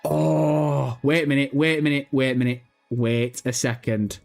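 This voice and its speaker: A man hosting a gaming livestream, chatting casually with viewers, sweary and jokey, mocking and animated. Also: mid-range voice, moderate pace, creaky, faint music behind. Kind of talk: casual livestream chat reading viewer comments.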